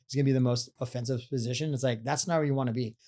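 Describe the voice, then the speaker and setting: A man's voice: mid-range voice, steady tone, very fast, darkish tone. A man hosting a podcast conversation, agreeing often and explaining his points plainly. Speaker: host. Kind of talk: conversational interview.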